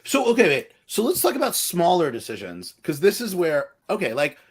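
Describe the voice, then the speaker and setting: A man talks about a film in a lively, animated way, his pitch rising and falling a lot. His voice sits a little high for a man. He is emphatic and often repeats his phrases for effect. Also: a little fast, slightly rough. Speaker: podcast co-host. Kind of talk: casual film review chat.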